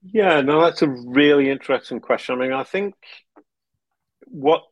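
This guest has a fairly high-pitched voice and talks at a normal speed, recorded without echo but with the highs cut off. He chats casually in an interview, explaining in long runs, laughing often, and restarting phrases.

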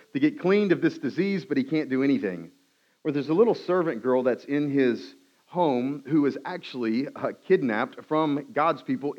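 A man, a pastor, preaching a sermon and retelling a story with lively swings between loud and hushed delivery. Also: on the high side, muffled recording.

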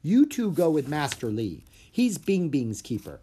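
A reader voicing a brisk, instructive woman who leads visitors around a research center, in a children's audiobook. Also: mid-range voice, very animated, warm tone, slightly rough, voice pushed up. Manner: instructive, guide-like. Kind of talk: audiobook character voice.

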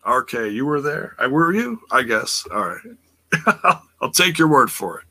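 A man's voice: medium pitch, big pitch swings, unhurried, bright, forceful tone, slightly rough. A man hosting a casual wrestling live stream, reading chat messages and rambling with repeated words and easy laughter.

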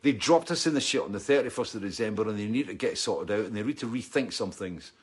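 A man's voice: lowish voice, animated, fast talker, slightly rough. A middle-aged man with a Scottish accent, hosting a weekly video chat and ranting with plenty of swearing. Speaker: vlog host.

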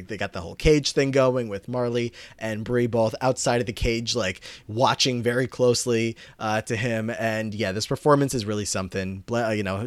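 A man's voice: lowish voice, no echo. Man casually recapping on a podcast. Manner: rambling, filler-heavy recap with quoted lines. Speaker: podcast co-host.

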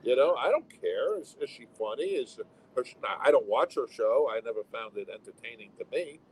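A man's voice: mid-range voice, animated, a little fast, slight background noise, low-quality recording. A man who owns comedy clubs, talking bluntly and with strong opinions in a casual interview. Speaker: comedy club owner. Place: home town with fire sirens.

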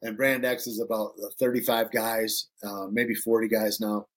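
A man's voice: lowish voice, flat delivery, normal speed. A middle-aged man from Northern Michigan, a podcast guest telling casual stories, loose and profane, acting out the voices of people he quotes. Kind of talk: casual storytelling.

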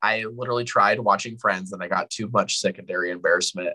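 A man chatting as an actor guest on a podcast, hesitant, with many fillers and restarts, and his voice jumps up high when he quotes himself. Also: fairly even intonation, fast talker, few pauses, bright, forceful tone, low-quality recording. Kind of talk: casual podcast chat.

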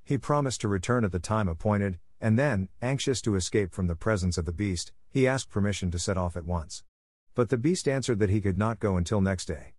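A man narrating a classic fairy tale in a calm, even-paced audiobook reading. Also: fairly low pitch, fairly quick, dry recording, clean studio sound. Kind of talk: scripted storybook narration.

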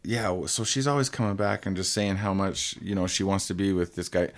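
A man's voice: low-pitched, brisk. A young man in casual conversation about comics, talking in a loose, rambling way with lots of fillers. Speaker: comic book discussion co-host. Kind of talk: casual chat.

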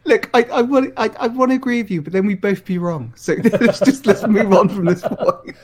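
A man co-hosting a casual podcast, teasing his co-host in quick banter with frequent laughter. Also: high voice, darkish tone, husky. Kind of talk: casual chat.

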